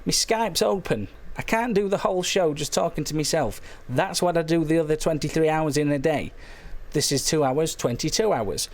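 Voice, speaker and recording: On a comic late-night phone-in, the male host speaks briskly in a slightly hoarse, somewhat high voice. He rambles through absurd claims with deadpan silliness.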